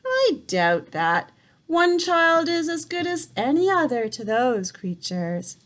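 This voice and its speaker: A protective elderly grandmother, voiced by a woman reading aloud, calling out and reassuring in a raised, slow voice. She speaks with care and a firm edge. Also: high-pitched, big pitch swings, a bit bright, pitched above the performer's own voice, heavily acted. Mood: grave.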